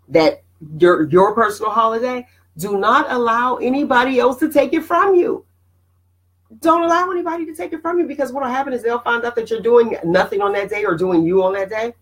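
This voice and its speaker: Lively motivational woman host. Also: fairly high pitch, poor audio. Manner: animated, preachy, addresses viewers by name. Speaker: host of a motivational live stream. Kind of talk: casual motivational talk.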